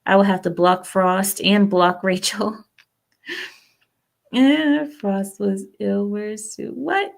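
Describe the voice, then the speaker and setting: Female streamer host, rambling and outspoken, gravelly edge. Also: mid-range voice, little pitch movement, slow pace. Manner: chatty, rambling, opinionated, talks back to chat. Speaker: livestream host. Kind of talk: casual political chat with viewers.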